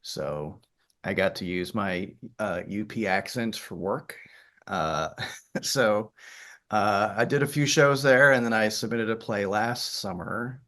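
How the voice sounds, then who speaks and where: A man's voice: lowish voice, slow, pushed and bright. A middle-aged man from Michigan's Upper Peninsula with a faint Yooper accent, a theater director telling stories in an interview, chatty with many fillers and restarts. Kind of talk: interview conversation.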